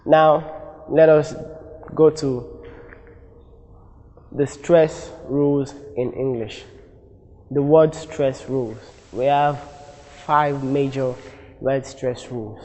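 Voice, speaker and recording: A man with a Nigerian accent teaching an exam-prep lesson, speaking deliberately, repeating example words for drill and correcting himself as he goes. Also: medium pitch, steady tone, darkish tone, big-room sound, rough recording.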